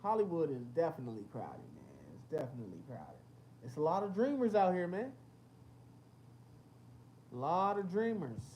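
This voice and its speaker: Animated young man telling stories. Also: on the high side, moderate pace, long pauses, dull audio, a little hiss or hum. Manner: animated storytelling with lots of slang and cursing. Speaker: rapper hosting a livestream. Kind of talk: casual livestream chat reading comments.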